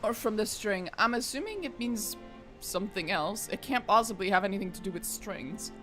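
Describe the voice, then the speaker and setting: A woman's voice: medium pitch, animated, normal speed, sharp tone, soft background music. A woman streaming a role-playing game, chatting casually with wry, muttered asides. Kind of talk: casual gameplay commentary.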